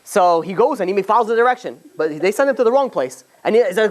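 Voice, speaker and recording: A man's voice: high voice, lively intonation. Man telling a story to a class. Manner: halting, full of restarts and "you know". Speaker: rabbi teaching a class. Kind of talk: informal storytelling lesson to students.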